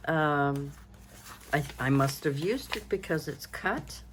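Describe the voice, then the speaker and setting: Speaking slowly in a low voice with lively intonation, a Canadian woman in her sixties chats through a casual craft show-and-tell. She rambles, thinks aloud, and yawns from tiredness, with slight background noise.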